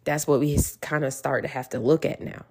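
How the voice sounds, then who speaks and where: A woman's voice: sits low, steady tone, a little fast, darkish tone, slightly rough. A woman giving an earnest, encouraging motivational talk straight to her listeners, repeating reassurances as she goes. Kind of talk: casual motivational monologue.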